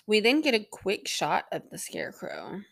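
A woman's voice: medium pitch, huge pitch swings, normal speed, creaky, fairly bright tone, no room sound. A young woman hosting a podcast, recapping an episode in a rambling, sarcastic way with plenty of swearing and filler words. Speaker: podcast host.

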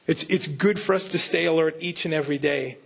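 A man's voice: a little high, a little fast, vocal fry, husky. A man pastor giving a conversational sermon, full of rhetorical questions and casual asides.

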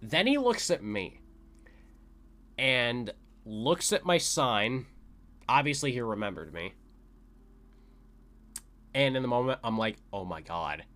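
Excitable young man telling a story. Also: slow pace, pauses often. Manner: excitable, lots of "like" fillers, jumps to high pitch when quoting shouts. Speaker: podcast host. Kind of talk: casual storytelling monologue.

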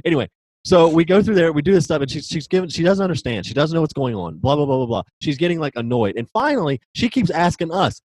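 A man in his twenties co-hosting a casual podcast, telling a story in an animated, exasperated way. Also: fairly high pitch, fast talker, no room sound, rough recording. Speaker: podcast co-host. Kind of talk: casual chat.

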